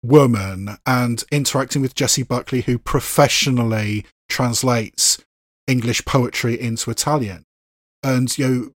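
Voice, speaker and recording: A man talks through a film review without a script, mid-pitched and unhurried, stacking up asides as he thinks aloud. The sound is close and dead dry, with no room around the voice. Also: no room sound. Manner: thoughtful, digressive, with filler phrases.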